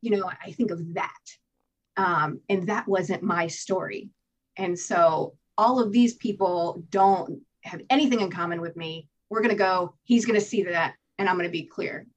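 Candid woman with a husky voice. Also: on the low side, normal speed. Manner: candid, animated storytelling with profanity and acted-out inner voices. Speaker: podcast guest. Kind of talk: personal recovery story in an interview.

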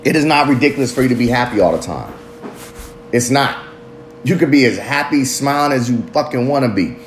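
A man rambles through a solo podcast, loose and profane, drifting between jokes and life lessons. His pitch sits mid-range for a man. A faint hiss of background noise lies under the voice. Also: animated, a little fast. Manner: loose, profane, street slang, rambling reflective. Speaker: podcast host. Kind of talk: casual solo podcast monologue.

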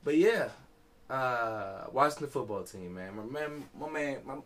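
A man's voice: medium pitch, animated, unhurried. Tipsy man rambling casually. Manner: loose, profane, says "you know what I'm saying" a lot. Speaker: podcast host.

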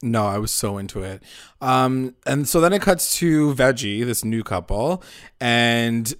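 A man in a casual recap chat, his voice sitting at an ordinary middle pitch. He tells the story in an animated way and jumps into quick impressions of the characters. The recording is dry and close, with almost no room sound. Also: no echo. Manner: animated, acts out characters' lines mid-story. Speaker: podcast co-host.

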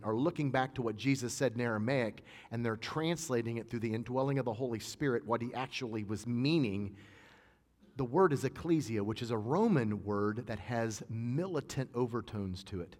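A man's voice: mid-range voice, moderate pace, a little mellow. A male pastor preaching a sermon in a conversational, emphatic way, mixing teaching with personal stories. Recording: long reverb of a large hall.

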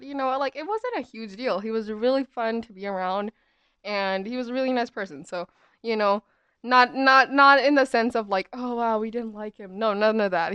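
Chatty young woman, crisp dry voice. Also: medium pitch, fairly bright tone, no room sound, muffled recording. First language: English. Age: 20s. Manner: chatty, rambling, many "um" and "like" fillers. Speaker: storyteller. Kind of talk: casual storytime chat.

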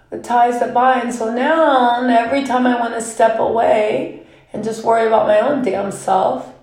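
A woman's voice: on the high side, a little slow, a little mellow, reverberant. A woman vlogger telling a personal story in a reflective, questioning way, swearing casually now and then.

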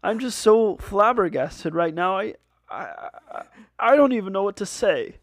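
A man's voice: high-pitched, animated, measured pace, no room sound, pitched above the performer's own voice. A man putting on the voice of an earnest lecturing man who always sounds close to tears, his voice strained and quavering. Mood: flustered. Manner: strained, quavering, on the verge of cracking.

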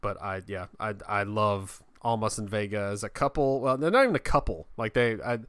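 A man co-hosting a casual chat, talking in a relaxed way and often repeating words as he starts a sentence. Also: lowish voice, a little fast, clear, resonant tone, dry recording. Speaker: podcast co-host.

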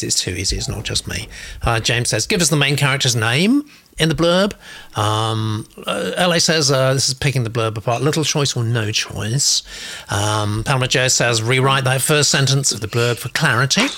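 A man's voice: mid-range voice, gravelly, bright, forceful tone. A man hosting a live stream, chatty, reading out viewer comments with asides. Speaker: host.

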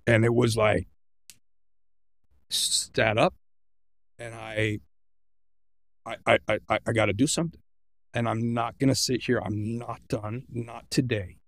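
A man of middle pitch with a gravelly edge tells his own story as a podcast guest. He speaks earnestly and vividly, acting out what he thought at the time. The sound is dry and close. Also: level tone, unhurried, long pauses, dry recording. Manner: earnest, vivid retelling with quoted inner thoughts. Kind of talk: personal storytelling in an interview.

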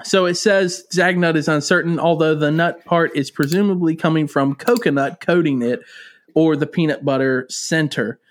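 A man's voice: fairly high pitch, normal speed. A man co-hosting a podcast, chatting casually and telling fond stories with lots of laughter. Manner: animated, laughs often, fond storytelling. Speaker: podcast co-host. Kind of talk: casual chat.

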